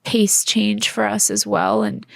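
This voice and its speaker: A woman's voice: medium pitch, slow pace, creaky, no echo, clean studio sound. A woman co-hosting a faith podcast, talking in an earnest, heartfelt way with many fillers. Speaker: podcast co-host. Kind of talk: casual faith podcast chat.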